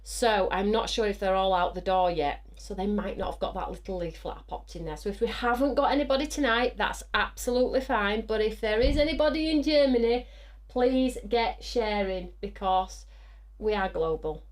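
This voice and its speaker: A woman hosting a live craft show, chatting excitedly, whooping and reading out viewer comments. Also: mid-range voice, moderate pace. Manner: bubbly and excitable, whooping and laughing.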